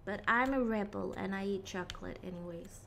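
A woman's voice: mid-range voice, brisk, creaky, fairly bright tone, a little hiss or hum. A woman streaming a video game live, chatting casually with viewers, giggling often and swearing when startled. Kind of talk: casual live gameplay chat.

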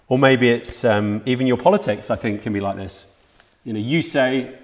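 A man's voice: mid-range voice, moderate pace. A man preaching a sermon for a church livestream, earnest and reflective, often restarting his sentences. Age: adult, past university age.

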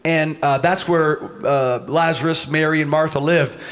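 A middle-aged man preaching a sermon in church, animated, often rising to a shout and acting out the people in his story. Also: fairly high pitch, unhurried. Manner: animated, swings to shouting, acts out voices. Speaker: pastor.

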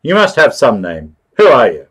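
A man's voice: medium pitch, huge pitch swings, moderate pace, husky. A man playing a stern, impatient magistrate. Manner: severe, impatient questioning. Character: stern, brusque male magistrate.

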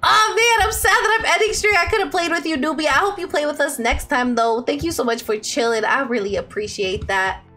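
A woman live-streaming a game, chatting with viewers and shrieking with excitement during tense moments. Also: high voice, a little fast, faint music behind.

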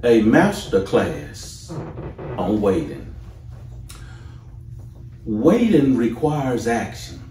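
A man preaching a sermon as pastor, slow and deliberate with rising emphasis. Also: on the low side, sing-song, dark tone, roomy sound, far from the mic.

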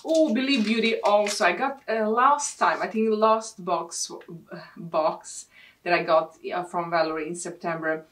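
A woman vlogger from Sweden chatting casually and excitedly as she unboxes beauty products. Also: medium pitch, a little slow. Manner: excitable, gushing over products. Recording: distant mic with clear background noise.

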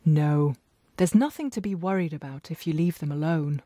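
A woman voicing a calm, friendly male farmer who keeps bees, speaking in a reassuring storybook manner. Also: sits low, normal speed, dry recording.

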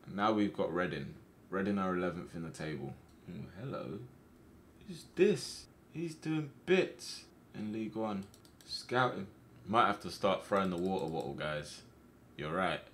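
A young man commentating on his football management game, getting excited and shouting at his players on screen. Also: sits low, unhurried, a little hiss or hum. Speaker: gaming streamer.

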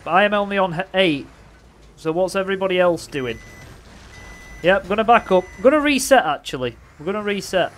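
A young man casually commentating his own racing game, playful and excitable, with loud bursts of trash talk. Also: sits high, fairly quick. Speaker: gaming commentator.

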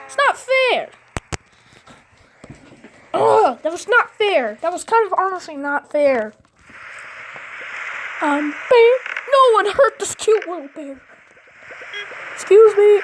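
A woman comments casually on a mobile game she is playing. Her voice is very high and swings widely in pitch, and she breaks into shrieks and giggles. The recording is noisy. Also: slow, pauses often. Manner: excitable, frequent shrieks and giggles.

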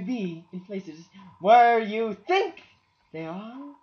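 A man's voice: high voice, very animated, drawn-out words, dull audio. A man with a cold commentating a game, exasperated and swearing, talking to objects on screen. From Canada. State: has a cold. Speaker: gameplay commentator. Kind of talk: let's play commentary.

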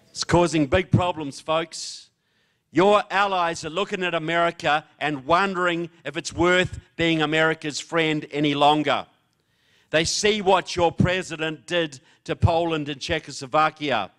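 A man's voice: on the high side, fairly bright tone, clean tone. A middle-aged man from New Zealand with a New Zealand accent, giving a political speech to a live audience, with joking, folksy asides to the crowd. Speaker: guest speaker.

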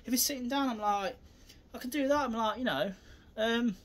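A man's voice: very high-pitched, normal speed. A man, a self-defence instructor, talking casually through a demonstration in a rambling, repetitive way.

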